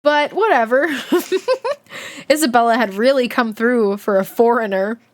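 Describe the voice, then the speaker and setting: Brief: high-voiced, very animated female streamer reading a kids' book to chat. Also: measured pace. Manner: expressive, chatty, laughing asides. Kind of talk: livestream read-along with chat asides.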